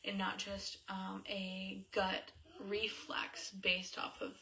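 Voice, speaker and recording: In a casual, filler-heavy talk to camera, a young woman coaches on faith and marriage. Her medium-pitched voice is gravelly and sharp, delivered completely flat at a slow pace, and she sounds a bit distant from the mic.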